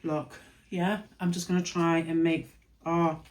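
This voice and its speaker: A woman's voice: on the low side, level tone, unhurried, a little mellow, slight background noise, poor audio. Tired woman muttering over crafts. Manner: chatty, self-mocking, muttering to herself while working. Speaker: craft studio owner. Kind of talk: casual crafting vlog narration. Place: home craft studio.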